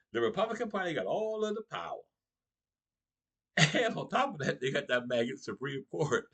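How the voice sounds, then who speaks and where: A husky-voiced middle-aged male comedian with a lively, swooping delivery. He talks straight to his audience in a political comedy monologue and chuckles between his lines. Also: a little high. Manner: animated, laughs between lines, addresses the audience directly.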